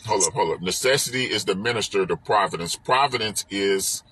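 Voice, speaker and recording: A man's voice: fairly low pitch, fairly quick, pushed and bright, slight background noise. A man hosting a live stream, explaining a spiritual text in an emphatic, repetitive, preaching way with rhetorical questions. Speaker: host and teacher. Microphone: phone or webcam on a live stream.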